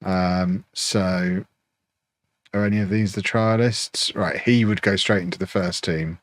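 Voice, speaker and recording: A man's voice: deep voice, steady tone, unhurried, no echo, clean studio sound. A man live-streaming a football management game, chatting and thinking aloud with mock indignation.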